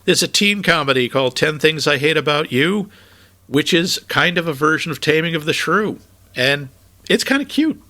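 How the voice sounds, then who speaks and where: A man's voice: on the high side, expressive, moderate pace, pushed and bright. A man from New England co-hosting a film podcast, chatting in a rambling way with many restarts. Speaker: podcast co-host. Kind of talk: casual film chat.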